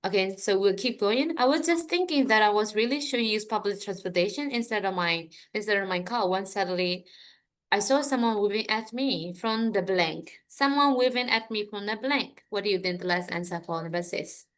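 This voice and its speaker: A woman from Myanmar with a Burmese accent, teaching an online English class and explaining slowly and carefully. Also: mid-range voice. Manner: slow, careful explaining, stressing example words.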